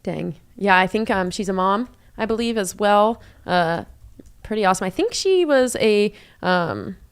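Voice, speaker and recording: A woman's voice: medium pitch, expressive, unhurried, clear, resonant tone. A young woman commentating a live running race in a chatty way, with many fillers as she runs through splits and standings.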